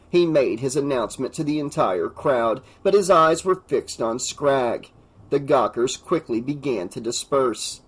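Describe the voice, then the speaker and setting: A man's voice: measured pace, husky, rough recording. A man reading an unabridged horror novel aloud, narrating with dramatic expression and raising his voice for the characters. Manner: voices characters with raised pitch and louder shouts. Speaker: audiobook narrator.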